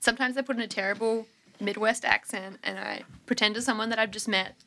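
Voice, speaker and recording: An Australian woman chatting as a podcast guest. Her tone is bright and sharp at a middling pitch. She answers in a dry, wry, understated way. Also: fairly even intonation, fast talker. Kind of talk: casual chat.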